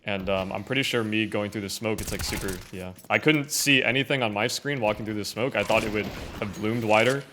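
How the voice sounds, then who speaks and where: A young man giving casual, filler-heavy commentary over his own gameplay footage, often trailing off quietly. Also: lowish voice, a little fast, hardly any pauses, a little hiss or hum. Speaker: gaming content creator.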